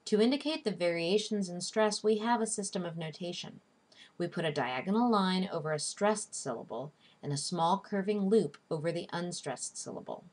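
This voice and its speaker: A woman instructor giving a recorded online lecture, teaching in a clear, deliberate way and slowing down to stress syllables. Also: fairly low pitch, expressive, darkish tone. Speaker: literature instructor.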